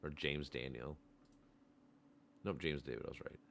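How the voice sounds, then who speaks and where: A man with a very low voice chats casually on a stream, blunt and full of swearing. He laughs often between points. Faint noise sits under the voice. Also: moderate pace, vocal fry, a bit bright. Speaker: stream host. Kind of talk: casual profane chat.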